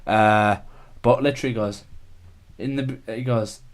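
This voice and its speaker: A man's voice: fairly low pitch, fairly even intonation, unhurried. A young man, chatting casually as a podcast host, rambling with lots of filler words. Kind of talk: casual chat.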